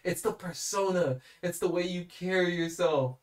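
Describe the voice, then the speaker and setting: Excitable young man reacting animatedly. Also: sits high, normal speed. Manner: excitable, exclaiming, trailing off mid-sentence. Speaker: reaction video host. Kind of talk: animated casual commentary.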